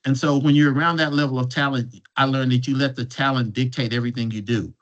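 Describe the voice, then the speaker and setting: Guest speaker, man, mid-pitched, casual anecdotal delivery with restarts, muffled lo-fi audio. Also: steady tone, fast. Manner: restarts and repeats words while telling a story. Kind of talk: conversational storytelling.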